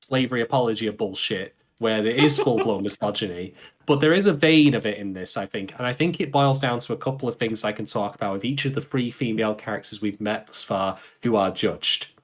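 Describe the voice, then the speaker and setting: A man's voice: lowish voice, a little fast, hardly any pauses. Chatty man co-hosting a podcast. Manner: chatty, self-correcting, laughs often. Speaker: podcast co-host. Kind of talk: casual podcast discussion.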